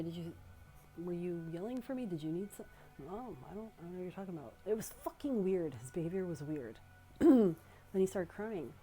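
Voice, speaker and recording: A young woman telling a personal story in a casual, rambling way, often pausing, restarting and swearing. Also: fairly low pitch, warm tone. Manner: rambling, halting, with frequent swearing.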